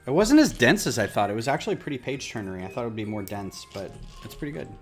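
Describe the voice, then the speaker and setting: A man's voice: medium pitch, big pitch swings, fast, over music. A man chatting casually on a livestream while he builds, rambling and self-deprecating. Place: home office.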